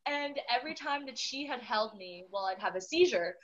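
A young woman chatting casually, an animated storyteller who laughs often. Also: fairly high pitch, a little fast, highs cut off. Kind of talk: casual chat.

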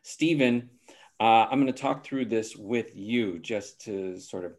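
A man's voice: lowish voice, a little slow, a little mellow. A man hosting a casual game show over a video call, thinking aloud and hesitating often.

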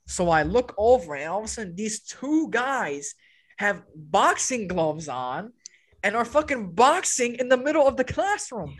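A man's voice: sits high, normal speed. A young man on a podcast with old school friends, telling a story in casual chat, swearing freely and acting out what other people said. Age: young adult. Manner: animated, swearing, acts out other people's lines. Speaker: podcast co-host.

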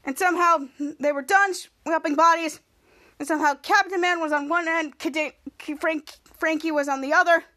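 A woman with a very high voice retells a TV episode as a podcast host, in a loose, rambling way. She stumbles and restarts often as she walks through each scene. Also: fairly even intonation, moderate pace, pushed and bright. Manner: rambling retelling with acted quotes and many restarts. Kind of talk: casual episode recap.

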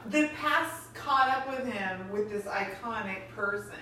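A woman co-hosting a casual podcast, playfully teasing her friend and laughing loudly. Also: mid-range voice, unhurried, reverberant, a crowd in the background. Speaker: podcast co-host. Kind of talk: casual chat.

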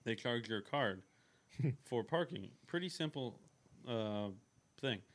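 A man's voice: mid-range voice, lively intonation, slow pace. A man in casual chat who steers the conversation and explains things plainly, step by step. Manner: methodical, steers the story.

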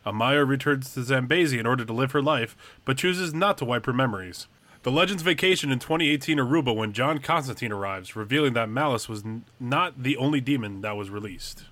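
A man's voice: medium pitch, a bit bright, no echo. A man co-hosting a podcast, reading a recap aloud with small stumbles. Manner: halting, stumbles over words. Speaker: podcast co-host. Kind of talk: reading a recap, then casual chat.

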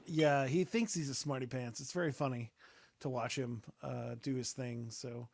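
A man's voice: medium pitch, steady tone, moderate pace, gravelly, a little mellow, no room sound. Young male host, casual and rambling, talks about his kid, dry sound. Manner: rambling, with many fillers and restarts. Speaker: podcast host. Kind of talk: casual chat.

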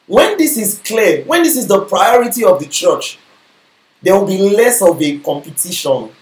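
A man's voice: high voice, expressive, normal speed. Man preaching in an echoey hall. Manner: preaching with call-and-response questions to the congregation. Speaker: pastor. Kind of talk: sermon. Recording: echoey room.

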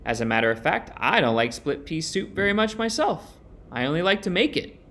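A man's voice: a little high, big pitch swings, brisk, a bit bright, voice pushed up. A man doing a prim storybook lady friend. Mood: frank. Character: fussy, frank female storybook friend. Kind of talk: storybook reading.

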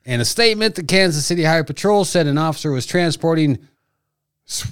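A man co-hosting a podcast with crude, jokey banter, his voice sitting a little high. He swings his pitch widely as he reads out odd news items and swears freely. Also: animated, brisk, fairly bright tone, clean tone. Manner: profane, jokey, reads news stories aloud. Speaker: podcast co-host.

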